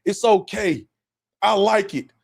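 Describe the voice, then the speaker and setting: This livestream host speaks slowly, his voice sitting high with a gravelly texture. Reacting to clips, he keeps his commentary casual and full of swearing, repeating himself and cutting across the clips in an animated way.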